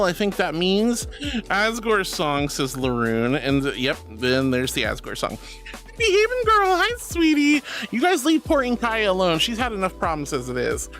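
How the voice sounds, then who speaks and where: A woman streamer reads chat messages aloud in a bubbly, affectionate way, calling her viewers sweetheart and darling, with a squeaky laugh.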